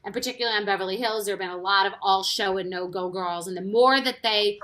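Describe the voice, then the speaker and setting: A former reality TV cast member tells gossip in a rambling, candid way, full of restarts and asides. Her voice is medium-pitched and a bit bright, and she talks fast.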